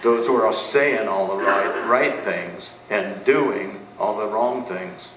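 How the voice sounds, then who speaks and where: Taking his time, a pastor with a lowish voice preaches emphatically, fond of raising questions and answering them himself. The distant mic picks up an echoey room and faint background noise.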